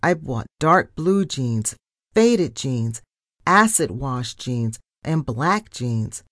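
Low-voiced woman reading a kids story aloud, slow, dry close sound. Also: no echo. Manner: deliberate, expressive narration. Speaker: storybook reader. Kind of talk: children's book read-aloud.

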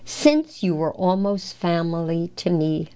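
A woman voicing an elderly, tender widow in a storybook read-aloud, with gentle, old-world phrasing. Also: on the low side, expressive, unhurried, clear, resonant tone.

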